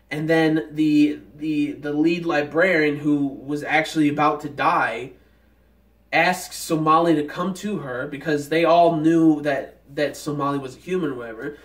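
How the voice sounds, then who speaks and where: A man's voice: a little high, roomy sound, recorded from a distance. A man recapping anime episodes in casual chat. He says "like" constantly and acts out the characters' lines with feeling. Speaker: anime reviewer.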